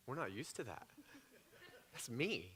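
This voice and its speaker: A man pastor speaks in an even, mid-pitched voice, quick to joke and then earnest. He talks in a church hall during a Q&A. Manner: joking, upbeat and earnest. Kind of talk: church Q&A talk.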